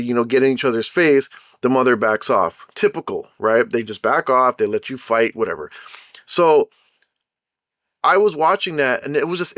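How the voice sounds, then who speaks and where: A young man of Caribbean background giving casual commentary as a show host, animated, acting out quotes as he retells. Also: mid-range voice, no room sound, studio quality.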